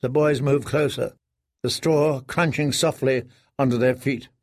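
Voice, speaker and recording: A man reading an audiobook in a measured, grave storytelling manner. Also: medium pitch, steady tone, darkish tone, no room sound, studio quality. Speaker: narrator. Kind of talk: scripted audiobook narration.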